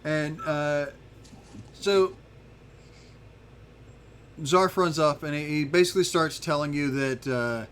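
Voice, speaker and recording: A man's voice: a little high, takes it slowly, pauses often, a little hiss or hum. A man narrating as game master of a tabletop game, restarting his sentences often as he talks. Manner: rambling, repeats words when starting a thought.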